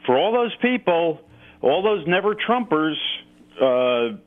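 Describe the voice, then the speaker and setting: Male radio guest on a phone line, lively and sarcastic, plenty of pitch swing. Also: slow pace. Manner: emphatic, sarcastic, mocks opponents. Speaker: political commentator, guest. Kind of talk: talk radio commentary.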